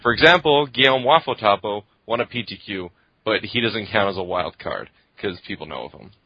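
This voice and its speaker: A man's voice: lowish voice, expressive, no room sound. A podcast co-host jokes and banters with his friends. His voice is dry and close. The audio is dull and muffled. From Canada. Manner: joking, quick banter. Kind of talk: casual chat.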